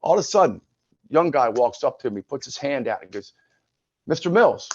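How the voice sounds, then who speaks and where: A man in his sixties speaks frankly and conversationally as a podcast guest, retelling his past with plenty of restarts. His voice sits at an ordinary pitch. The recording is dry and a little dull and lo-fi. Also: expressive, fairly quick, husky, dry recording. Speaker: podcast guest, retired sports broadcaster. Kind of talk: candid personal storytelling.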